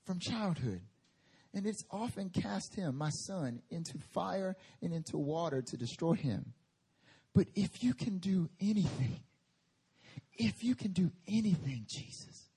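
A preacher acting out a hushed pleading father. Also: high-pitched, very animated, takes it slowly, long pauses, breathy edge, full character voice. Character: helpless father pleading for his sick son.

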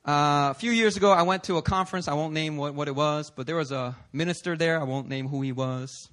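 A male pastor delivering a conversational sermon in a church, animated and prodding the congregation with "okay?" and "right?". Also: a little high, fairly quick. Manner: acts out listeners' voices in quotes. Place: church sanctuary.

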